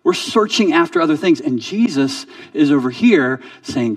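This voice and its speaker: A man preaching a sermon in a conversational way, often repeating words and dropping to a soft voice for emphasis. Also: a little high, animated, normal speed, hardly any pauses, dry recording, distant mic. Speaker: pastor.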